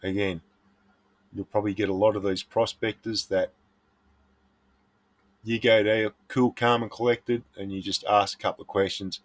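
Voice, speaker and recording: A man's voice: on the low side, flat delivery, moderate pace, long pauses. A middle-aged Australian man, a prospecting vlogger, giving earnest, blunt advice in a casual monologue.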